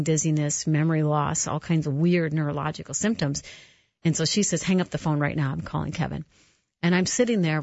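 A woman's voice: deep voice, a little mellow, no room sound, muffled recording. A woman hosting a Christian radio talk show, telling a personal story in an earnest, heartfelt way. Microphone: studio microphone.

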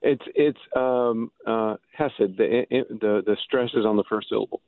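Gravelly man on a tinny phone line. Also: fairly low pitch, fairly even intonation, no echo. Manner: halting, frequent restarts and fillers. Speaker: author and Bible scholar. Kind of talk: interview guest explaining.

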